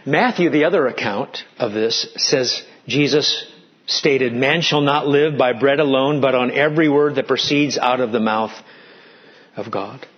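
A pastor preaching a dramatic sermon, dropping into hushed tones for emphasis. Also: male voice, mid-range voice, a little slow, highs cut off.

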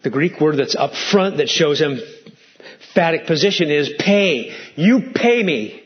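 Pastor guy preaching, kinda high voice, hammers points with question after question, muffled lo-fi sound. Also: a little slow. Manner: emphatic, piling up rhetorical questions and intensifiers. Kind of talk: sermon.

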